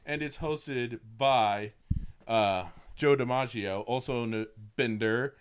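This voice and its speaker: A man's voice: mid-range voice, takes it slowly, clear, resonant tone. A man hosting a podcast, chatting casually and rambling a little as he corrects himself. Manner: rambling, with fillers and self-corrections. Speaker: podcast host. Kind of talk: casual chat about a documentary.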